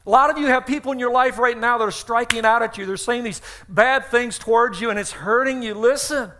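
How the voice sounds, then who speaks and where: There's a little hiss or hum as a middle-aged pastor preaches briskly over a stage mic in his sanctuary. His voice is high for a man, with a bright, ringing quality, and he performs his stories' dialogue while repeating important phrases for emphasis.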